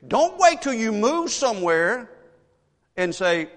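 Pastor man preaching, gravelly voice, swings way up and down, big echoey church hall. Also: high voice, measured pace. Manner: animated storytelling, rhetorical questions to the congregation. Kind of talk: sermon.

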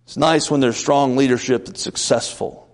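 A man preaching a conversational sermon in a folksy way, building up to loud, emphatic peaks. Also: medium pitch, fairly even intonation, moderate pace, in a large hall.

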